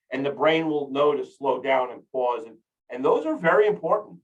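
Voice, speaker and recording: A man gives a casual real estate training talk, standing up and full of energy. He rambles and restarts his sentences often. His voice is mid-pitched, sounds set back from the mic and comes through dull and lo-fi. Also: expressive, normal speed, distant mic.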